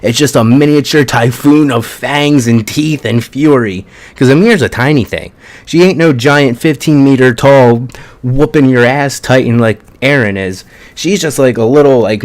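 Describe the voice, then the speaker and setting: A man casually recapping an anime episode in an excited, chatty way, with plenty of swearing. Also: medium pitch, moderate pace. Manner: excited, profane, chatty storytelling. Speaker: anime reviewer.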